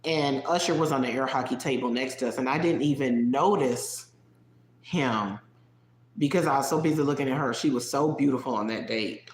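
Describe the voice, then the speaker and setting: Speaking at normal speed and medium pitch, the livestream host shares a personal anecdote, drifting off on tangents and addressing chat viewers directly. A roomy echo colors the audio.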